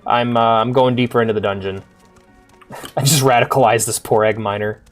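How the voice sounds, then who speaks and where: A man's voice: medium pitch, steady tone, brisk, soft background music. A man casually commenting while streaming a game, upbeat and chatty, laughing and swearing easily.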